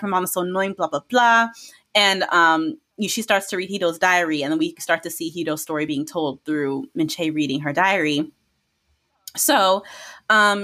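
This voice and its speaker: A woman hosting a podcast, chatting casually as she recaps a drama, gushing and laughing and acting out scenes in high squeals. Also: a bit bright. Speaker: podcast host.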